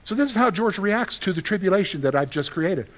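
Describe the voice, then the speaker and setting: A man preaching a sermon in a conversational way, asking his listeners questions and answering them himself, with lively storytelling. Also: sits high, fairly quick. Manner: animated storytelling with sudden loud outbursts. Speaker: pastor.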